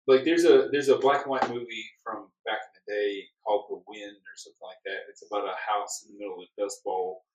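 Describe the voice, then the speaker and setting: A man's voice: on the low side, steady tone, brisk, hardly any pauses. Candid man chatting in a roomy room. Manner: frank, candid, joking. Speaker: host recounting a climb. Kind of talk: casual chat. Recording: roomy, distant mic.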